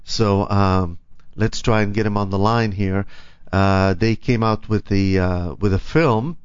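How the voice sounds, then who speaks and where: A man's voice: on the low side, fairly even intonation, a little slow, smooth, no room sound. A male radio host chats casually on air, hesitating often and restarting his sentences. The studio sound is dry and close. The audio is dull and lo-fi. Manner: hesitant, many ums and restarts. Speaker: radio talk show host.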